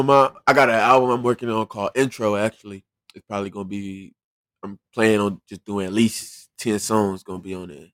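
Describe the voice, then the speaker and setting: Young liberian-born guy, soft laid-back voice, kinda low, dry close sound. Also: dry recording. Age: young adult. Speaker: guest rapper. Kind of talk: casual interview chat.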